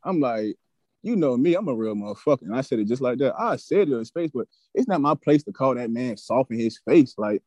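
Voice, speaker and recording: A man's voice: medium pitch, expressive, fairly quick, hardly any pauses, darkish tone, no echo. Heated, profane young man telling a story. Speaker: podcast guest, former college football player. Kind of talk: casual storytelling.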